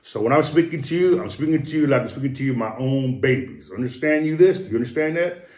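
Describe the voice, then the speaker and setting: A man's voice: mid-range voice, lively intonation, fast talker, darkish tone. A man of Samoan heritage, a guest talking in a casual, rambling monologue, profane and preachy, repeating and restarting his words. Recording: roomy echo.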